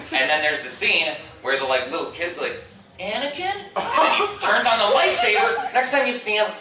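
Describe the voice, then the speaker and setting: A man's voice: sits high, lively intonation, normal speed. A man in his thirties doing a stand-up set, telling stories with acted-out quotes and laughing at his own jokes. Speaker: stand-up comedian. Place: convention stage before a live crowd. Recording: echoey room, far from the mic, noisy.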